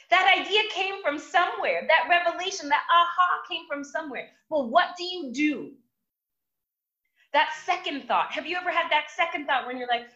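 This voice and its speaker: A woman's voice: high-pitched, expressive, normal speed, bright, forceful tone, highs cut off. A woman hosting a live motivational stream who speaks emphatically and repeats words for force. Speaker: host of a live motivational show.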